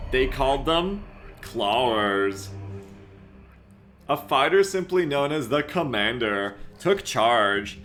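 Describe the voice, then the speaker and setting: A man voicing a grave epic trailer narrator, reading in a slow, drawn-out dramatic way. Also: a little high, a bit bright, slight background noise, voice pushed up. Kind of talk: mock-epic reading of a game intro.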